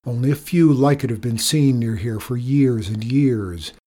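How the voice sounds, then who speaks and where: Serious young teacher in a storybook, read by a man, earnest and pleading, husky tone. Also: medium pitch, a little slow, dark tone, close to an everyday voice.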